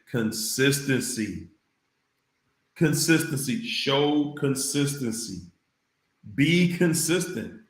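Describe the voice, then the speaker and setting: A man hosting a casual livestream, reading viewer comments aloud, repeating phrases for emphasis and breaking into loud exclamations. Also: mid-range voice, echoey room.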